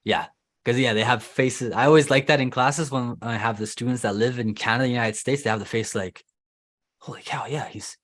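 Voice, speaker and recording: A man who teaches English, hosting a relaxed interview with a former student and often answering with short backchannels. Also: mid-range voice, a little fast. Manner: relaxed, chatty, many "mm-hmm" backchannels. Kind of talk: casual interview chat.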